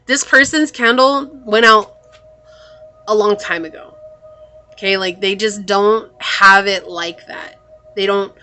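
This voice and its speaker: A woman's voice: mid-range voice, steady tone, slow, pauses often, sharp tone, slight background noise. A woman giving a pick-a-card tarot reading in a chatty, reassuring way, full of "like" and "you know". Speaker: tarot reader.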